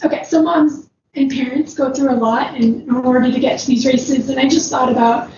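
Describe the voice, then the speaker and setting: A woman who is an ultrarunner guest recounts a long personal story in a casual, wandering manner, laughing often and leaning on "like" and other fillers. Her voice is high-pitched and steady in tone at a moderate pace. Sound is roomy, distant and dull, with noise behind her.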